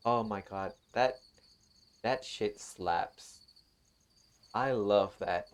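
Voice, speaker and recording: A woman's voice: very deep voice, very slow, a little hiss or hum. A woman streamer chatting casually while playing, laughing often and apologizing to her viewers. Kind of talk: casual gaming stream chat. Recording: faint game music behind.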